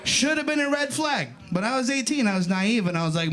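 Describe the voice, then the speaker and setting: Animated male comic, lively high voice. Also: brisk, few pauses. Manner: animated storytelling, jumps into loud high voices for punchlines. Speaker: stand-up comedian. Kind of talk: stand-up comedy set. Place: comedy club stage. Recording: live club recording with crowd laughter. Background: audience laughter.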